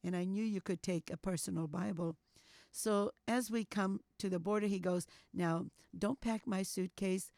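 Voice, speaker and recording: An older woman telling a personal story as an interview guest, animated, acting out what people said and sprinkling in "you know.". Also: medium pitch, moderate pace, dry recording, studio quality. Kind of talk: storytelling testimony.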